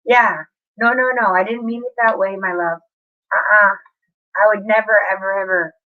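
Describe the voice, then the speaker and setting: A woman's voice: medium pitch, fairly even intonation, normal speed, narrow, tinny audio. A woman chatting casually with viewers on a live stream, apologetic and talking straight to her chat.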